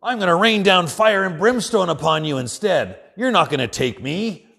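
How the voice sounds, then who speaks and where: A man's voice: high voice, expressive, normal speed, gravelly, breathy edge, long reverb tail, pitched above the performer's own voice, heavily acted. A man voicing an angry, vengeful male deity scolding and threatening foolish people. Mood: scornful threat. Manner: scornful, loud, threatening.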